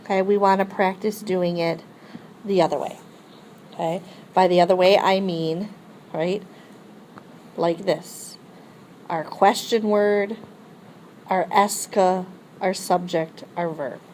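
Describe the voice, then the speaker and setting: A woman's voice: fairly low pitch, steady tone, slow pace, pauses often, darkish tone, a little hiss or hum, rough recording. A woman teacher explaining a French grammar lesson step by step and modeling phrases for students to repeat. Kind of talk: recorded classroom lesson.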